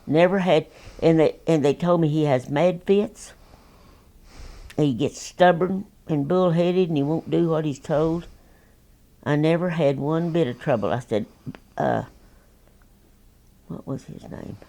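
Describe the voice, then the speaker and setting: A woman's voice: sits low, unhurried, gravelly, warm tone. A woman, telling oral history stories in a folksy, rambling, plainspoken way. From Texas. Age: 90s. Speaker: interviewee.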